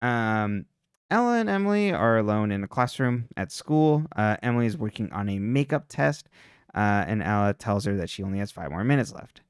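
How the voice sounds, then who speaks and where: A man with a lowish, smooth voice and lively intonation speaks at normal speed on a clean studio recording with no echo. Co-hosting a podcast, he recaps TV episodes in loose, chatty talk packed with "like" and "um".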